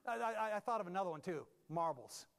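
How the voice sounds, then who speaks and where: A man preaching a humorous sermon as a pastor, animated and self-mocking, moving from loud bursts to low asides. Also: quick pace, big-room sound.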